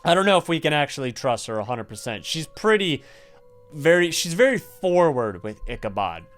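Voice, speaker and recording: Excitable young man with a smooth voice. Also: fairly high pitch, moderate pace, soft background music. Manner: excitable, chatty, drops to hushed tones when spooked. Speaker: gaming YouTuber. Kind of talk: gameplay commentary and story reading.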